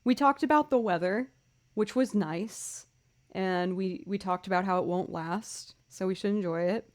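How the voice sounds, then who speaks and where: A woman's voice: medium pitch, measured pace. A young woman chatting casually with her stream viewers, bubbly and talkative, greeting people by name. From Boston area. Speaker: streamer and musician. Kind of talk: casual livestream chat.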